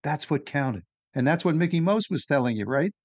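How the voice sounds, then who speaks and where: A man's voice: on the high side, lively intonation, moderate pace, no room sound. A man hosting a podcast, chatting and asking his guest questions. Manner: conversational, asks leading questions. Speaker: podcast host. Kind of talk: interview.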